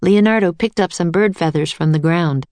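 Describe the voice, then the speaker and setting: A woman narrating a children's chapter book in clear, even storytelling. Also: fairly low pitch, moderate pace, no echo.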